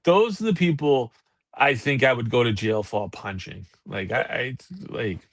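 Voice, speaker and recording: A man, co-hosting a casual talk show and telling profane, animated stories. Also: mid-range voice, measured pace, no room sound, clean studio sound. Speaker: podcast co-host. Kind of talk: casual chat.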